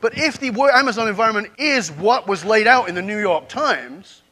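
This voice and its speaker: A man speaks at a conference in a bright, forceful voice pitched a little high. He tells stories and keeps checking in with the audience. His talk has the steady drive of a motivational keynote. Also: normal speed. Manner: storytelling, asks the audience questions. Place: conference stage before a live audience.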